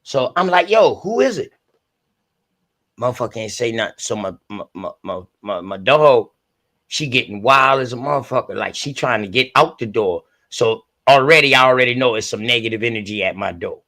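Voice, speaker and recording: A man's voice: mid-range voice, expressive, a little fast, bright, forceful tone. Profane man telling a story on a call. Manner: profane, loose street talk; acts out voices of people in his story. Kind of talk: casual storytelling.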